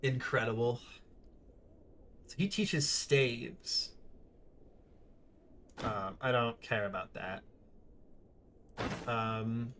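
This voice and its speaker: A man from California giving excitable, casual commentary while playing a game. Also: mid-range voice, slow, long pauses, slight background noise. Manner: excitable, swears, chuckles often. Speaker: gaming streamer.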